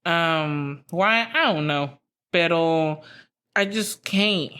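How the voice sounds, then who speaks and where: A woman's voice: lowish voice, drawn-out words, a bit bright, clear, resonant tone. A young adult woman hosting a podcast, telling a story in a casual, profane, rambling way full of fillers. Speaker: podcast host.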